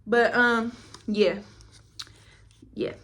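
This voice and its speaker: Bright-voiced chatty woman vlogger. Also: on the high side, steady tone, extremely slow. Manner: candid, chatty and blunt, with frequent swearing. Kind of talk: casual storytime vlog.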